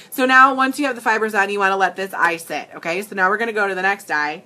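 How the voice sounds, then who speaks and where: Chatty woman doing a live makeup demo, bright voice, keeps cracking up. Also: mid-range voice, steady tone, fast talker, few pauses. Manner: giggly, talks straight to viewers, easily amused. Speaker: makeup demonstrator and livestream host.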